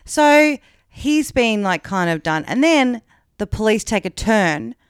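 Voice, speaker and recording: A woman's voice: fairly high pitch, big pitch swings, slow pace, clean tone, no echo, studio quality. An Australian woman on a podcast, casually retelling a true-crime story in a frank, chatty way with plenty of fillers. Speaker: podcast co-host.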